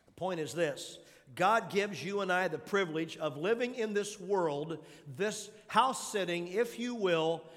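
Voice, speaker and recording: High-voiced male pastor preaching in a hall. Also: a bit bright. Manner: preaches in numbered points, asks the congregation questions. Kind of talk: sermon. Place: large church auditorium.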